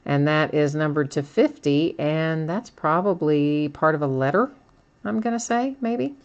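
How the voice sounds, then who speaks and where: A woman's voice: low-pitched, expressive, unhurried, dull audio. A woman hosting a live card-break stream, chatting casually, laughing often and reading viewer comments aloud.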